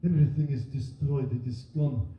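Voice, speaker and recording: A man's voice: mid-range voice, normal speed, pitched below the performer's own voice, close to an everyday voice. Sex: man. Figure: despairing refugee man, put on by a comedian. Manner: grave, dramatic. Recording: roomy, distant, dull live venue. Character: adult man, distraught refugee pleading for help.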